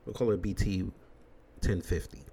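A man's voice: low voice, normal speed, gravelly, warm tone, a little hiss or hum. A man hosting a commentary show, ranting bluntly and emphatically with crude language. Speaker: commentary host.

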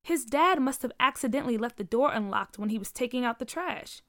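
A woman narrating a story aloud in an expressive way, giving each character a voice. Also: fairly high pitch, a little fast, dry recording, studio quality.

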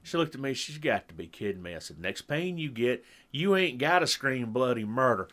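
A middle-aged man telling a long story in casual chat, animated and acting out what people said. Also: medium pitch, moderate pace. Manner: animated storyteller who acts out quotes. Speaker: podcast co-host.

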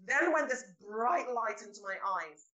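Bright-voiced woman telling a story. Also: a little high, a little slow, echoey room, low-quality recording. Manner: animated storytelling, acts out her own past remarks. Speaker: podcast guest. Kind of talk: casual interview conversation.

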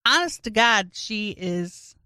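A woman's voice: medium pitch, lively intonation, slow, bright, forceful tone, smooth, dry recording. Woman co-host, casual chat, crude humor, dry close sound. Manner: crude, joking storyteller.

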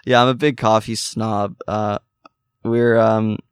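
A man's voice: fairly low pitch, flat delivery, slow pace, clear, resonant tone, no echo, studio quality. A young man, a musician guest, chatting casually in an interview, rambling with many fillers and restarts.

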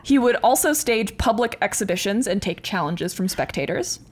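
A woman's voice: mid-range voice, expressive, moderate pace. A woman co-hosting a podcast, recounting a history story from her notes in a casual chat and laughing often.

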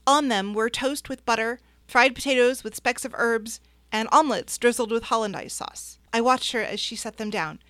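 A woman reading a first-person audiobook in a soft, reflective way. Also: on the high side, normal speed, few pauses, no echo. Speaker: narrator.

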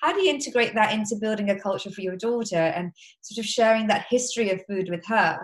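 A woman hosting an interview, gentle and openly emotional as she talks. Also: medium pitch, quick pace. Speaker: podcast host. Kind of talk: casual interview. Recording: roomy echo.

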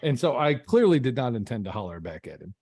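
A man's voice: mid-range voice, big pitch swings, fast talker, a little mellow, dry recording, clean studio sound. A man, a podcast guest, telling a personal story in an interview, earnest and often restarting his sentences. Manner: earnest, frequent false starts and repeats.

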